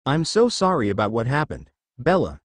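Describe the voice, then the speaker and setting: A man reading as a sharp, sarcastic young woman. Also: medium pitch, wildly swooping pitch, moderate pace, no echo, studio quality. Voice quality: sarcastic, icy.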